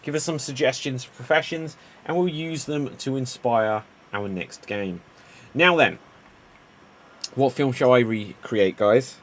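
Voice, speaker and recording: A man hosting a live improv show, chatty and lively. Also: mid-range voice, unhurried. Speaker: improv host.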